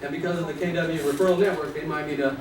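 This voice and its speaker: A man's voice: on the high side, fast. Playful man teaching a room. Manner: energetic and playful, acts out scenes and quizzes the room. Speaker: real estate trainer. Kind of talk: live classroom talk. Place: training room with an audience. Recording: echoey room, distant mic, noisy.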